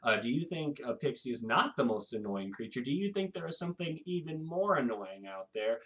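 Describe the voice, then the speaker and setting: Casual male vlogger, mid pitch, rambling, lively, laughs a lot. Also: a little fast. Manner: rambling, animated, laughs often. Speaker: video host. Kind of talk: casual talk to camera.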